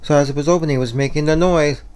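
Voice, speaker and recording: Talking very fast in a slightly high, fairly even voice that is darkish yet clear and resonant, a vlogger from Puerto Rico rambles casually at home in his kitchen and bedroom, using lots of "you know" and "like" fillers.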